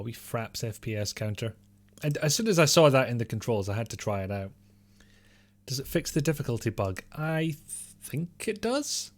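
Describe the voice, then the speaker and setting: Rambling man chatting on stream. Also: medium pitch. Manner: rambling, talks to chat, mild swearing. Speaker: game streamer. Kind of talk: casual live-stream chat.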